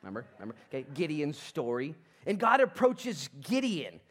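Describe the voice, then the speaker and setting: Animated male preacher, lively pitch. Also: moderate pace. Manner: animated, conversational, swings between loud and hushed. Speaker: pastor. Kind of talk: sermon. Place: church sanctuary.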